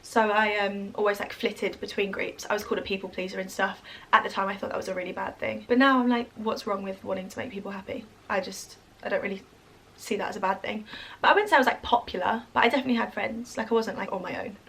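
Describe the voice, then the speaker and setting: A woman with an English accent that drifts toward American, talking casually and quickly to camera as an influencer, with lots of "like" and "um". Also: medium pitch, fairly even intonation, vocal fry, a bit bright. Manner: fast, chatty, full of "like" and "um". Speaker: social media influencer.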